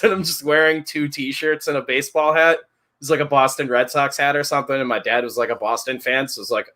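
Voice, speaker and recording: A man in his thirties talking in a loose, rambling way, swearing freely and laughing through his own stories. His voice sounds bright and forward. It has the easy feel of a casual podcast chat. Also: medium pitch, fairly even intonation, a little fast. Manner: rambling, profane, laughs while telling stories. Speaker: podcast co-host.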